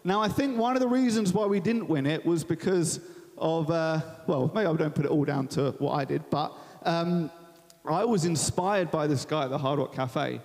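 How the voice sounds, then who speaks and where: A man's voice: fairly high pitch, normal speed, darkish tone. A young man from Kent, preaching a sermon in a large church venue and telling stories in a chatty, self-deprecating way. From Thanet, Kent, England. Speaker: guest preacher. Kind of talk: sermon with personal storytelling. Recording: long reverb of a church hall.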